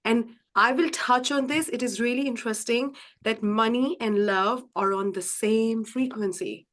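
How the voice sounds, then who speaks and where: A woman's voice: fairly high pitch, unhurried. Effusive woman coaching a live group. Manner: effusive and warm, repeats phrases for emphasis; addresses the audience directly as guys. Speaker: mindset coach hosting a live group session. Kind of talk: live-streamed coaching talk.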